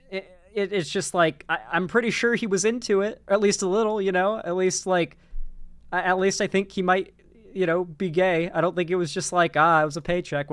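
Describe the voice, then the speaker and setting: A man's voice: a little high, dry recording. A man hosting a casual online commentary show, rambling loosely with lots of restarts and casual swearing. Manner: rambling, many restarts and fillers, swears freely. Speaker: political commentary host.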